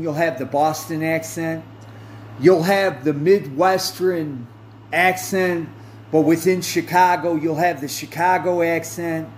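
A man hosting a podcast, talking in a slow, rambling monologue with many fillers and self-corrections. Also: fairly high pitch, a little hiss or hum. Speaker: podcast host. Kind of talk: casual monologue.

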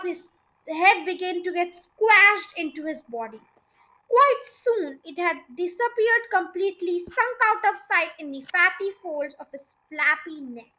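Female podcast reader, high-pitched and bright, chatty, trips over words. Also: animated, unhurried, low-quality recording. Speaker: podcast storyteller. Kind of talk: reading a children's book aloud.

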